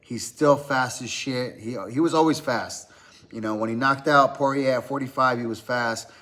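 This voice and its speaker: A man's voice: medium pitch, moderate pace, a bit bright. Laid-back man talking fight picks. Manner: loose and conversational, lots of "man" and "uh". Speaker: podcast host. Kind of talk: casual fight-pick chat. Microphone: podcast mic.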